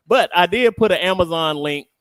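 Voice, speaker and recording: A man's voice: sits high, normal speed, a bit bright, no echo. A man hosting a radio talk show, playful and colloquial, teasing his listeners. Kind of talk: casual radio panel talk.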